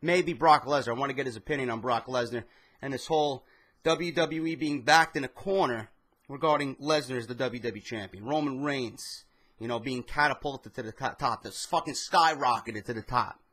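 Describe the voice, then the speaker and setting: Swearing New guy, bright tense voice. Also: medium pitch, normal speed, breathy edge. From New York. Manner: heated, swears constantly, storytelling rant. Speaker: wrestling commentary vlogger. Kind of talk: profane ranting monologue.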